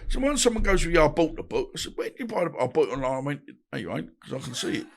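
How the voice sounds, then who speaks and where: Rapid-fire and a little high, with vocal fry, this man in his 50s, a boxer on a podcast, spins stories during an interview. He animatedly performs the voices of those he quotes, switching voices for phone calls and arguments.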